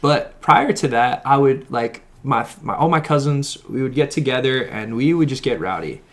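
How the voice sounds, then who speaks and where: Lively young man telling a story. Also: mid-range voice, normal speed. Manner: animated storytelling, often laughing. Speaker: podcast guest. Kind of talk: casual chat.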